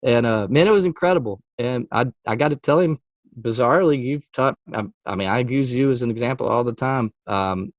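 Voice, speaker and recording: Man, animated interview storyteller, quotes acted with jumps in pitch, laughs a lot, mid-pitched voice, dry close sound. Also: fairly quick, dry recording. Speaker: Christian music artist guest.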